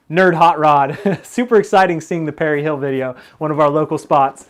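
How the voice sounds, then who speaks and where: A man's voice: a little high, moderate pace. A man chatting casually on a live stream while he works on a mountain bike, rambling with lots of fillers and laughs.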